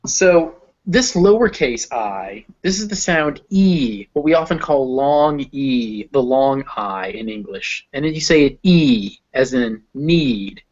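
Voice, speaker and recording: A man's voice: on the high side, lively intonation, unhurried, hardly any pauses. A man tutoring a student one-on-one in pronunciation, patiently explaining sounds and modeling words aloud. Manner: patient, explaining with spoken examples. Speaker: phonetics tutor. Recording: dull lo-fi recording.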